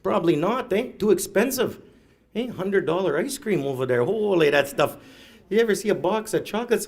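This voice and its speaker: A man's voice: sits high, expressive, brisk, creaky. A middle-aged man doing stand-up storytelling, rambling and self-mocking, tagging "eh" onto his lines. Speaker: comedian. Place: live event room.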